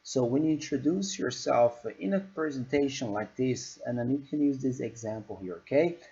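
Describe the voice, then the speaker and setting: A man's voice: mid-range voice, moderate pace, warm tone. A man gives an English lesson in a patient, repetitive way and checks in with the listener after each point. The sound is dull and lo-fi. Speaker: English teacher. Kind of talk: giving feedback on a recorded presentation.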